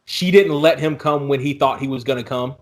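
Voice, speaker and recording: A man co-hosting a podcast, telling profane jokes in animated, casual chat. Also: mid-range voice, fairly quick. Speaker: podcast co-host.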